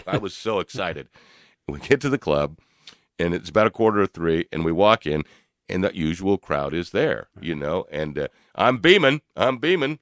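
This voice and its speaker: An older man co-hosting a radio talk show, telling a personal story in an animated way with frequent laughs and fillers. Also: deep voice, moderate pace, dry recording, clean studio sound. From Louisville, Kentucky area. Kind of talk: storytelling in casual chat.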